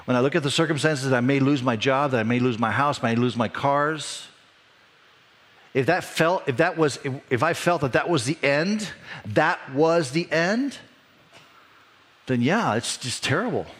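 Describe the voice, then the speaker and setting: A man's voice: lively intonation, normal speed, fairly bright tone. Conversational male pastor preaching. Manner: conversational preaching, voice rising with emphasis and dropping low for reflection. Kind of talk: sermon.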